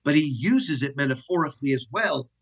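Husky male professor guest, remote call, lively lecturing delivery. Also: on the high side, brisk. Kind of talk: conversational teaching over a video call. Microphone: video call.

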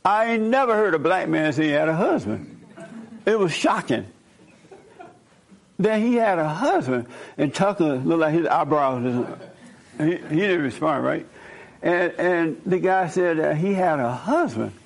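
A counselor tells stories in a casual, emphatic, repetitive way, acting out both sides of conversations by quoting himself and others. His fairly high voice is animated and unhurried with vocal fry, and the audio is poor.

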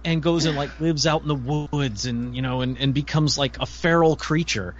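Male panelist, mid-pitched, slightly dull audio, eager and rambling. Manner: enthusiastic, halting, many fillers. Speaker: podcast panelist. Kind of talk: casual chat.

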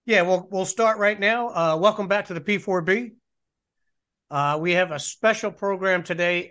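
A middle-aged man hosts a casual podcast, rambling through stories with self-mocking humor. His voice sits a little higher than most men's. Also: fairly bright tone. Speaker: podcast host. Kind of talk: casual storytelling and show intro.

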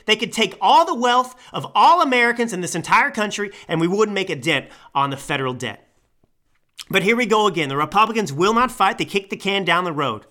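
A man in his thirties rants angrily into a microphone as a podcast host. His voice sits high and swings widely in pitch. The tone is bright and forceful, close to a yell. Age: 30s. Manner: angry, ranting, yelling. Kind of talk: political commentary rant. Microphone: studio microphone.

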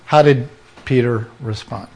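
A man preaching a sermon, emphatic and full of rhetorical questions, sometimes dropping into quiet asides. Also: mid-range voice, a little slow.

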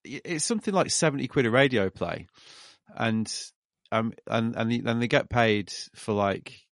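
A middle-aged man chatting casually on a podcast, rambling and halting with restarts. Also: medium pitch, lively intonation, creaky, no echo, clean studio sound.

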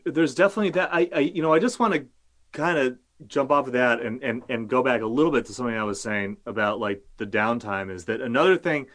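A man of middle pitch explains things in a loose, wandering way, full of fillers and restarts. His talk is casual, and he swears freely as an interview guest. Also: fast, a bit bright. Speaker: journalist, guest.

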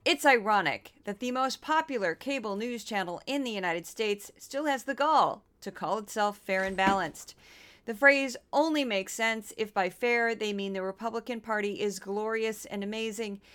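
A woman podcast host from Missouri with a smooth, clean voice at a middling pitch. She chats casually with playful asides, then moves into scripted narration. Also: a bit bright. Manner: chatty, quick asides, playful impressions.

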